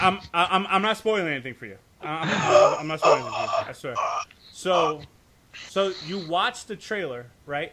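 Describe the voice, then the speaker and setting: Man ranting on a podcast, slightly high voice. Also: sharp tone, slight background noise. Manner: profane, rambling rant with frequent "right?" and stammered restarts. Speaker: podcast co-host. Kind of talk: casual podcast discussion.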